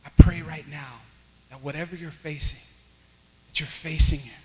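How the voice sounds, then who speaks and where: A pastor preaching a sermon, swinging from loud exclamations to hushed near-whispers. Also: male voice, on the high side, steady tone, normal speed, long reverb tail, poor audio.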